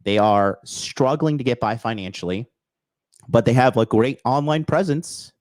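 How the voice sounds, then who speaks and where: A man's voice: mid-range voice, measured pace, a little mellow, no echo. A man hosting a call-in dating advice show, talking bluntly and profanely in a lecturing way. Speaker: dating coach host.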